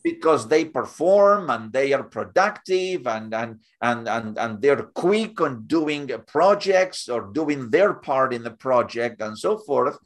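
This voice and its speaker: A man talking as a guest in an interview, halting and repeating words as he builds up examples. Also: medium pitch, expressive. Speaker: guest speaker. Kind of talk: conversational interview.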